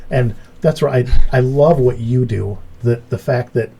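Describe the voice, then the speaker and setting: A middle-aged man hosting a relaxed group chat, telling stories with lively jumps in pitch when he acts out what he said. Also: measured pace, gravelly, husky. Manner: animated storyteller, voice jumps up when acting out his story. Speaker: podcast host. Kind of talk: casual chat.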